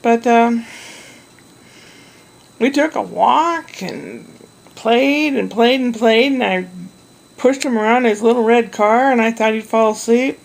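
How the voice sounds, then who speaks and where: A woman's voice: a little high, measured pace, creaky, long pauses, rough recording. A woman chatting in a rambling, meandering way about her day looking after a toddler. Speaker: vlogger caring for a toddler. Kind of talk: rambling casual chat.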